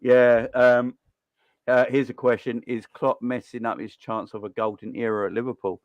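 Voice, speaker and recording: A man hosting a football call-in live stream, excitable and slangy, laughing often between lines. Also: mid-range voice, normal speed, dry recording. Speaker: host of a football call-in show. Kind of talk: casual live-stream chat.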